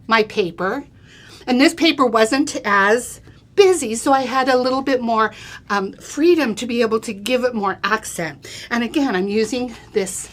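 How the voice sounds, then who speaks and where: A chatty, step-by-step live craft product demonstration is led by a middle-aged woman who punctuates it with "okay?" and "right?" Her voice is a little high and fairly bright.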